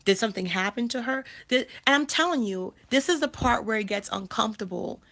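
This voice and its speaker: A woman's voice: on the high side, expressive, brisk, a bit bright. A woman in her thirties hosting a casual livestream, talking emphatically and repeating phrases with frequent restarts. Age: 30s. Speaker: life coach and channel host.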